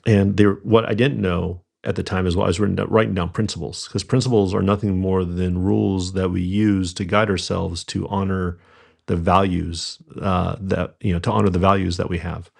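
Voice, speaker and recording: A middle-aged man, a podcast guest, telling stories from his business in a halting way with many fillers and restarts. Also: deep voice, level tone, gravelly, slightly rough. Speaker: podcast guest, rental company founder. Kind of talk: conversational storytelling interview.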